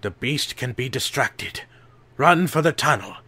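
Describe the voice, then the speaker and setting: A man's voice: mid-range voice, lively intonation, measured pace, pushed and bright, no echo, pitched above the performer's own voice. A man voicing a stern old male village elder who speaks sharply and commandingly in an audiobook. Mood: defiant. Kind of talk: audiobook character voice.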